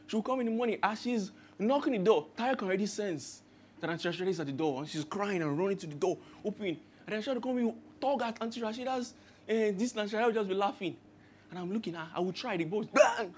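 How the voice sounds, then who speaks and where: Pastor, thirties, high-pitched male voice, storytelling sermon. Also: lively intonation, fast, darkish tone, a little hiss or hum. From Nigeria. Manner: storytelling, acts out quoted voices with rising emphasis.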